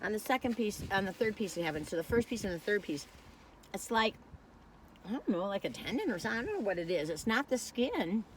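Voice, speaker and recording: A woman's voice: mid-range voice, sing-song, quick pace, a little hiss or hum. Rambling, chatty woman food reviewer. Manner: rambling, chatty storytelling, often losing her thread. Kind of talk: casual vlog chat while tasting food.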